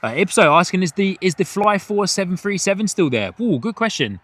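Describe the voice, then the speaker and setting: A man's voice: high voice, lively intonation, fairly quick, a bit bright, no room sound. A British man with an Australian and New Zealand twang, hosting a live plane-spotting stream outdoors at an airport, chatting and laughing often as he reads viewer messages. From United Kingdom. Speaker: livestream host.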